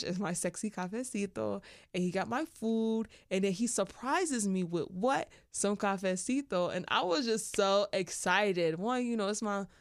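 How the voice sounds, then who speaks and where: A woman's voice: medium pitch, dry recording, studio quality. A woman hosting a podcast and telling a candid, playful story in casual chat full of slang. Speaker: podcast host.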